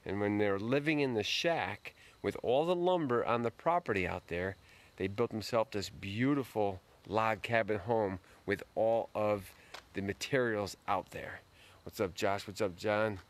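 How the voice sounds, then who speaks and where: Low-voiced man giving a folksy pep talk. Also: measured pace. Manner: greets viewers by name, folksy and earnest. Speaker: motivational live-stream host. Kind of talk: casual motivational talk. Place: outdoors at night.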